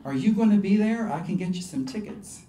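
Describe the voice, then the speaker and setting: A man impersonating a soft-spoken Irish rock star. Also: sits high, expressive, fairly quick, echoey room, slight background noise, voice pushed up. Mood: earnest. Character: gentle Irish rock singer, small and calm.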